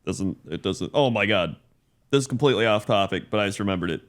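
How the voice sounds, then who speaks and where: A man's voice: on the low side, fast talker. A man co-hosting a podcast in casual chat, telling a rambling story and chuckling often. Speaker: podcast co-host.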